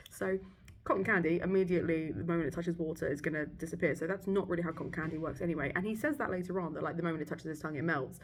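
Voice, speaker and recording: A woman's voice: on the low side, racing, a little hiss or hum. A young British woman in casual vlog chat, ranting and swearing sarcastically about a book. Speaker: book vlogger. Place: hotel abroad.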